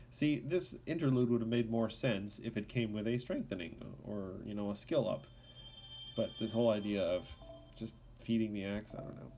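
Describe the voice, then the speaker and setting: A male streamer chats casually over his live gameplay, stumbling and correcting himself as he goes. His voice sits a little low, and his relaxed, rambling delivery feels unscripted. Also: moderate pace, faint music behind. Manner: casual, chatty, with fillers and self-corrections.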